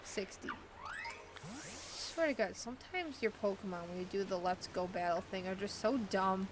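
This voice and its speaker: Over music, a woman with a medium-pitched voice talks at a moderate pace as she plays a video game. She's a streamer who rambles chattily and thinks out loud.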